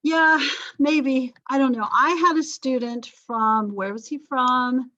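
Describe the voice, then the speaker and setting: A middle-aged woman teaches a history class in a recorded lecture, chatty and rambling, with self-deprecating asides. Her voice sits high and sounds sharp, with fairly even intonation and a slow pace. The recording is dry and slightly dull.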